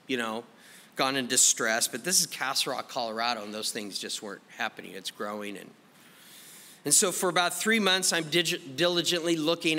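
Bright-voiced storytelling pastor. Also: male voice, mid-range voice, long reverb tail. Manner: animated storytelling, acts out his own past remarks. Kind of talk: testimony sermon.

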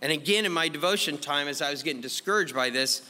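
A man, a pastor, telling his testimony in an animated way, acting out his own past words. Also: a little high, quick pace, big-room sound. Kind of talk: testimony sermon.

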